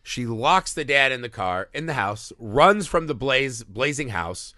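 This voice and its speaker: A man co-hosting a casual movie podcast, retelling scenes in a profane, animated way and acting out bits of dialogue. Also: medium pitch, unhurried, no room sound, studio quality. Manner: animated, profane scene recaps with acted-out voices. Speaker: podcast co-host.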